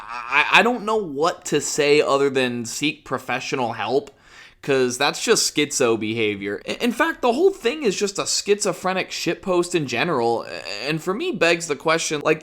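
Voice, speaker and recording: A man's voice: medium pitch, a bit bright. A young man giving a ranting commentary, sarcastic and profane, mocking his target with short laughs. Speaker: commentary YouTuber.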